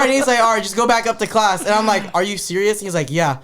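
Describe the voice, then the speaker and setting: Slightly high-voiced laid-back young man. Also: lively intonation, quick pace, hardly any pauses, a loud crowd. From San Francisco Bay Area. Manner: laid-back storytelling, lots of filler "like". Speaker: podcast guest. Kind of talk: casual chat.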